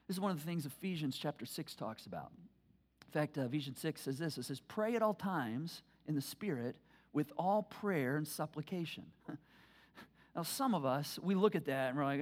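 A middle-aged woman pastor giving a conversational sermon, telling stories animatedly and acting out her own thoughts, often repeating words and restarting. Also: brisk. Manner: animated storytelling, acts out own thoughts with big pitch swings; frequent word repeats and restarts.

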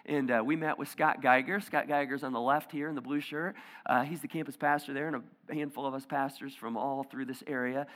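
A male pastor giving a conversational sermon, dropping to hushed near-whispers and rising to loud emphatic bursts. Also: mid-range voice, fairly even intonation, a little fast, in a large hall. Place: church auditorium.

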